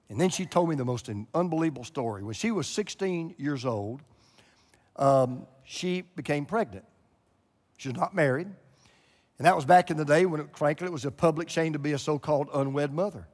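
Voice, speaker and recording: A pastor preaching a televised sermon, swinging between hushed and loud emphatic lines. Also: male voice, a little high, in a large hall. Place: large church room.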